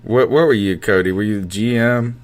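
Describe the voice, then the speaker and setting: A man's voice: fairly low pitch, normal speed. A man hosting a sports podcast, chatting casually, laughing, and taking calls. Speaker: podcast host.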